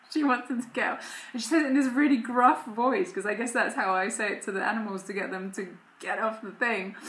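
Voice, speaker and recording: A woman's voice: fairly high pitch, fairly bright tone, echoey room. A woman, a mother and vlogger, chatting casually to camera at home in a rambling way. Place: home room.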